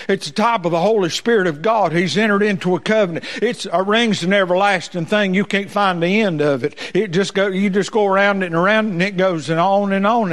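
A man preaching a sermon in a folksy cadence that climbs into impassioned, ringing peaks. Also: high-pitched.

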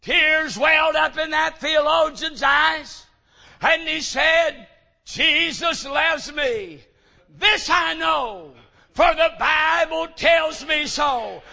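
A man preaches a fiery sermon in a high, gravelly voice. He speaks slowly and deliberately, then breaks into bright, sharp shouts on the refrains. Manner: fervent, declamatory, rising to shouts on repeated refrains.

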